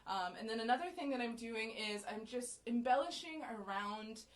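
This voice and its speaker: A woman from the USA giving a relaxed, explanatory fiddle lesson, often checking in with "right?", with violin playing between phrases. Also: a little high, normal speed. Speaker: violin teacher. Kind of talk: casual music lesson with fiddle demonstrations.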